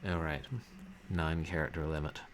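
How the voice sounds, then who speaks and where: A man's voice: very deep voice, flat delivery, moderate pace, music in the background. A man casually commenting while playing an old game, with wry, musing asides.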